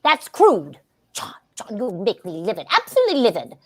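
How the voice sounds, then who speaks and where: A woman's voice: mid-range voice, wildly swooping pitch, moderate pace. A woman giving a staged play reading as a scatterbrained, grandly theatrical aging stage actress who giggles often.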